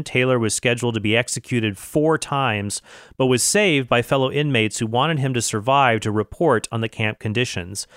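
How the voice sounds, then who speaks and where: Man, commentator, smooth dry close voice, casual and thoughtful. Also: mid-range voice, fairly bright tone, dry recording. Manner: thoughtful, with fillers and self-corrections. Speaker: commentator reviewing a film.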